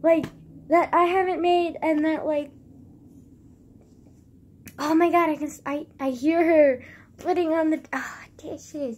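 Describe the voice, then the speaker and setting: Teenage girl vlogger with a high voice, rambling through an emotional, scattered rant. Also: fairly even intonation, slow, long pauses, darkish tone. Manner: emotional and scattered, with frequent sighs and gasps; filler-heavy, restarts often. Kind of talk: rambling casual vlog rant.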